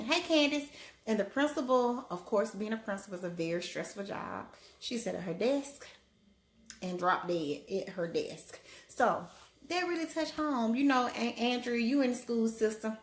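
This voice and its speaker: A woman's voice: fairly high pitch, a little hiss or hum. A woman, a family doctor, chatting casually on a live stream and greeting viewers by name in a lifted voice. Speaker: family medicine physician hosting a live stream. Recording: roomy echo.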